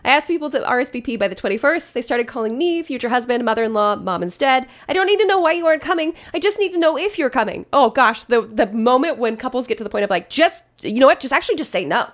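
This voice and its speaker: High-voiced woman, chatty wedding-planner host, laughs a lot, casual reaction talk. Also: fast talker, hardly any pauses. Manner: chatty, laughs often, animated.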